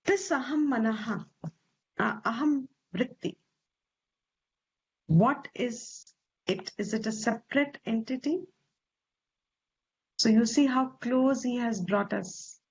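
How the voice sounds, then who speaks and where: A woman teacher with an Indian English accent, explaining scripture slowly and deliberately, stressing Sanskrit terms and posing rhetorical questions. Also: fairly high pitch, slightly rough. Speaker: Vedanta teacher. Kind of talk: slow scriptural class explanation. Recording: slightly dull lo-fi recording.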